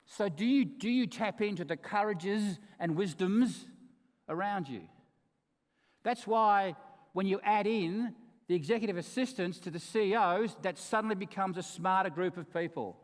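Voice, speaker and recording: A man giving a conference keynote, with emphatic, humorous storytelling and sudden drops into quiet asides. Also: high voice, moderate pace. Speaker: keynote speaker. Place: large conference hall. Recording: reverberant hall.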